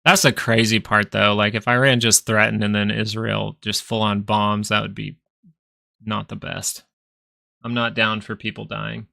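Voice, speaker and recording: Gravelly man hosting a casual market stream. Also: lowish voice, level tone, moderate pace, bright, forceful tone. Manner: rambling, chatty, answers viewers directly. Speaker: stock market livestream host.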